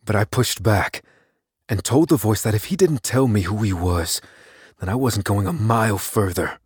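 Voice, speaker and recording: An actor playing an unassuming man, narrating his own story in the first person in an audio drama, measured and wary. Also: fairly low pitch, animated, a little mellow, husky, dry recording, clean studio sound. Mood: steady.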